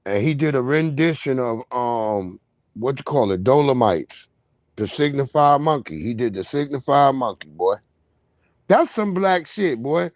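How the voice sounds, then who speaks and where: A man's voice: mid-range voice, expressive, darkish tone, no room sound. A man hosting a livestream, telling rambling, profane stories in a casual monologue. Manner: profane, rambling, drawn-out storytelling. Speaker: livestream host.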